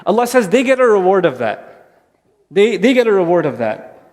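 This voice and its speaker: A man with a high-pitched voice giving an animated, conversational talk to families. He often acts out little exchanges between kids and parents. His voice rings in a long-echoing hall. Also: brisk. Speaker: speaker addressing parents. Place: hall before an audience.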